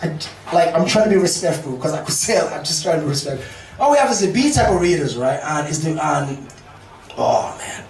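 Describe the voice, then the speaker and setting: A man's voice: a little high, lively intonation, brisk, darkish tone, recorded from a distance, a little hiss or hum. A man performing a stand-up routine in a comedy club, swearing freely and talking straight to the crowd. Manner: profane, addresses the crowd directly. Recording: roomy club recorded from afar with crowd.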